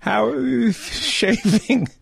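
A man's voice: high voice, drawn-out words, creaky, fairly bright tone, husky. A man hosting a comedy podcast, giving dry reactions to a guest's jokes. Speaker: podcast host. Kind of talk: casual banter.

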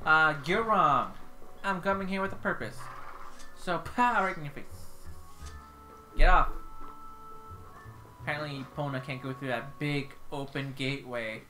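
Low-voiced young woman, playful and teasing let's-play commentator, game music behind. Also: a little fast, a bit bright. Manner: playful and teasing, with silly sound effects and chants. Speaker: player and commentator. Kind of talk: casual gameplay commentary.

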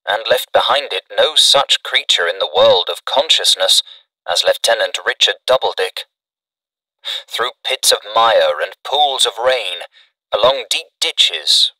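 A man giving a measured, dramatic scripted narration of a classic story. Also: fairly low pitch, bright, forceful tone, dry recording, distant mic, rough recording.

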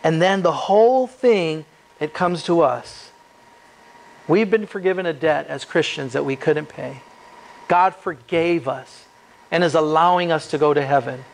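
A man's voice: a little high, unhurried, creaky. A man preaching in a church, reading scripture and breaking in with casual asides and rhetorical questions. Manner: reads scripture then adds casual, joking asides. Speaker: pastor. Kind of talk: expository sermon.

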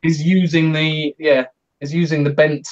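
A man's voice: fairly high pitch, level tone, measured pace. Man co-hosting on a muffled mic. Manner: rambling, restarts, laughs easily. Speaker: podcast co-host. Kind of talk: casual banter.

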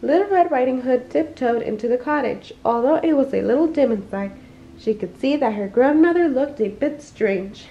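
A woman reading a children's bedtime story aloud, expressive and slowing down for emphasis, on a dull lo-fi recording. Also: high-pitched. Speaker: family storyteller.

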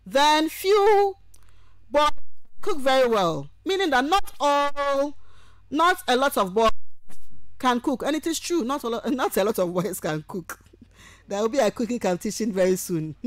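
In a radio studio, a female university lecturer delivers a grammar lecture, stepping through examples word by word. Her voice is high and expressive, and her pace is slow and deliberate as she lists them one by one. No room sound can be heard.

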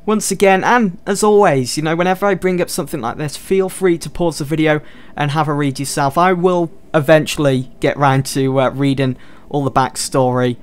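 A man's voice: on the high side, moderate pace, few pauses, clear, resonant tone. A man giving casual let's-play commentary, chatting and thinking aloud as he explores. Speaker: gameplay commentator.

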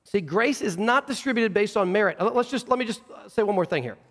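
A man's voice: high voice, lively intonation, quick pace, a bit bright, big-room sound. A man preaching a sermon in earnest, acting out quoted voices, with frequent restarts. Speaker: pastor. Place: church sanctuary.

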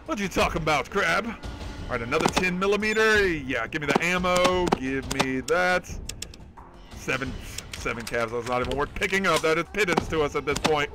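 The audio is poor, and this man's voice sits on the high side at a moderate pace. He's live-streaming a game with music in the background, chatting casually, swearing a lot, and excitedly reading chat and thanking donors.

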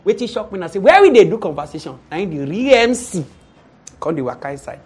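Animated Nigerian man telling a story. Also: high-pitched, fast talker, background noise. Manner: animated, acts out quoted people, often laughs. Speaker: event MC and show host. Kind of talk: comic storytelling.

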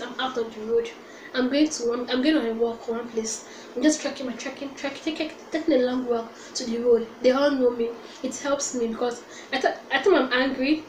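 A woman's voice: sits high, a little hiss or hum. A young woman vlogger giving an earnest, repetitive motivational talk that coaxes the listener along. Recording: echoey room.

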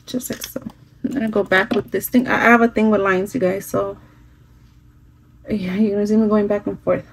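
A makeup vlogger chats fairly quickly through a tutorial recorded on her phone at home, slipping into Spanish phrases and swearing now and then. Her mid-range voice has little pitch movement. Audio is poor, with slight background noise.

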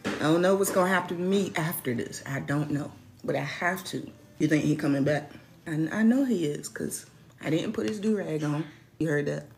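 Animated mom vlogging, lowish voice. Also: female voice, normal speed, vocal fry, soft background music. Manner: animated, talks to herself and the camera, drops to whispers. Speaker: mother and vlogger. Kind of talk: casual vlog talk to viewers.

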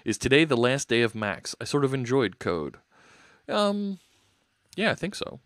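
Chatty man live-coding, lively pitch. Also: normal speed, dry recording, studio quality. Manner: thinks aloud while typing, chatty asides to viewers. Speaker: live coding stream host. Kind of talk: casual live coding narration.

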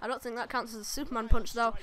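A woman commentating on her own wrestling video game match, excitable, exclaiming and laughing often. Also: on the high side, racing. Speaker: gaming commentator.

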